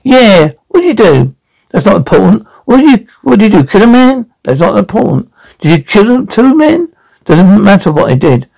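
A gravelly, rude old nan. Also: female voice, mid-range voice, big pitch swings, moderate pace, a little mellow, rough recording. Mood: mocking. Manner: heckling, taunting, name-calling. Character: brash foul-mouthed old London nan, rude and cheeky. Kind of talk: TV sketch comedy acting.

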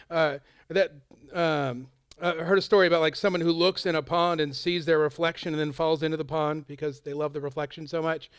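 A man with a high, smooth and resonant voice preaches a chatty, informal sermon. He keeps drifting into asides and quick quoted lines. The sound is dry and close. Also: dry recording. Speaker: pastor.

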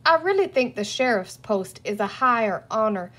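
A woman's voice: on the high side, expressive, normal speed, fairly bright tone. A woman reading a storybook aloud and voicing a sly, theatrical male pirate villain with a mock-courtly, gloating manner.

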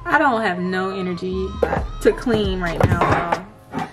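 A woman's voice: medium pitch, animated, unhurried, over loud music. A woman chatting casually to her viewers in a home kitchen while she cooks, filming on a handheld camera. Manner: chatty, laid-back, keeps addressing viewers. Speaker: vlogger talking to viewers. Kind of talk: casual vlog chat.

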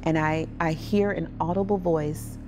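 Woman, lowish voice, personal testimony, vivid storytelling, music bed underneath. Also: fairly even intonation, a little slow. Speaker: trafficking survivor telling her story.

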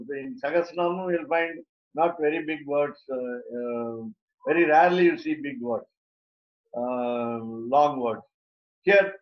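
A man giving a scripture lecture, explaining Sanskrit terms word by word with fillers and restarts. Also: a little high. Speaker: religious teacher. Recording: muffled lo-fi recording.

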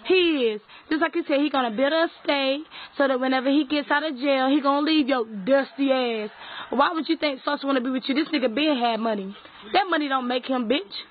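A woman's voice: high voice, fairly quick. A woman delivering an aggressive, taunting, profanity-heavy rant at people she is calling out. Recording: tinny phone-like audio.

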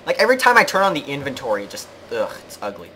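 A man talks through a let's play in a loose, rambling way, cracking jokes and poking fun at himself as he goes. His voice sits at an ordinary middle pitch. A steady hum of noise runs behind him in the recording. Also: rapid-fire, low-quality recording. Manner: rambling, jokey, self-mocking, talks to himself while playing. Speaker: gaming channel host. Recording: clear background noise.

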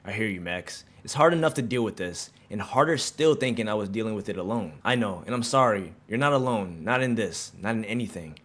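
A young man casually commentating on a video game, excitable and slangy, reading in-game texts aloud. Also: fairly low pitch, fairly quick, few pauses. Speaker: gaming streamer. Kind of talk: casual let's-play commentary.

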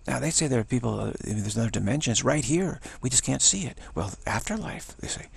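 A man's voice: mid-range voice, expressive, fast, no echo. An older man giving a rambling spiritual talk, meandering and repeating himself, dropping to a whisper for emphasis. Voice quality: gravelly, husky. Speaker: spiritual teacher.

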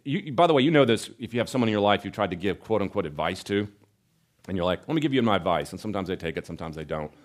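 A man's voice: deep voice, fast talker. A man teaching a Bible study in a conversational lecture, asking rhetorical questions and often checking in with "right?". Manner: animated, asks rhetorical questions, adds "right?" tags.

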